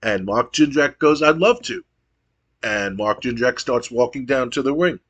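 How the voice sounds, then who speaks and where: A man's voice: mid-range voice, moderate pace, a bit bright. A man narrating a wrestling sim playthrough as a game streamer, giving a play-by-play recap with casual asides.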